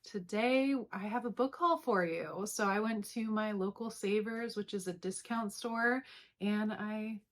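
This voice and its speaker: A woman's voice: medium pitch, unhurried. A young woman chatting casually as she shows books to the camera, with lots of fillers and asides. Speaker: booktuber. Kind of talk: casual vlog chat.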